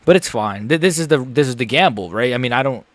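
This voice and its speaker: A young man reacting live to a fight he is watching, frustrated and ranting, dropping to mutters and rising to yells. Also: medium pitch, animated, fast talker, no echo. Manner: frustrated, swings between muttering and yelling.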